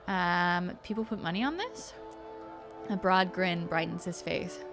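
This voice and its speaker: A woman's voice: on the low side, expressive, unhurried. A woman streamer playing a role-playing game, reading its text aloud and chatting between passages. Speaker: gaming streamer. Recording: game music behind the voice. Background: game music.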